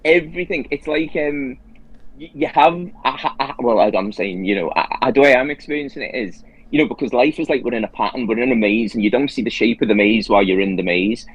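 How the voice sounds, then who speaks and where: A man's voice: mid-range voice, brisk, breathy edge, low-quality recording. A man as a guest in a casual conversation, telling a personal story earnestly and quoting his own inner thoughts aloud.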